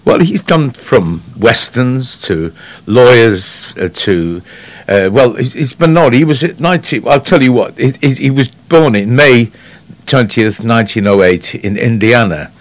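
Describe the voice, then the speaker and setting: A man's voice: medium pitch, unhurried. A man chatting casually on the radio, telling rambling anecdotes that trail off. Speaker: radio guest on classic actors.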